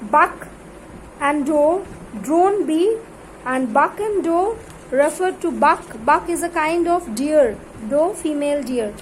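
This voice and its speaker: A woman teaching an English grammar lesson to a class. She reads word lists aloud in louder, drawn-out calls and spells words out letter by letter. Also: high voice, animated, roomy sound. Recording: noisy room recording.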